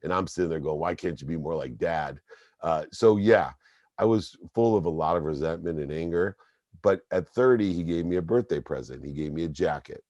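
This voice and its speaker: Deep-voiced man telling a personal story. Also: brisk, dry recording, lo-fi sound. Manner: emphatic, animated storytelling. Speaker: guest. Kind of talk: storytelling interview.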